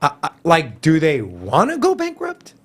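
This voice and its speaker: A man co-hosting a casual crypto news show, talking in an animated, slangy way full of "like" and "bro". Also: a little high, normal speed. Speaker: co-host.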